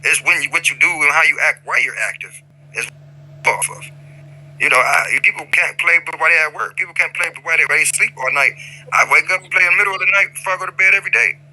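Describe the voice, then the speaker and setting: Sharp-toned man lecturing in roleplay. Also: a little high, fast, low-quality recording. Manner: lecturing, repetitive, stammers on restarts. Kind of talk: in-character roleplay chat.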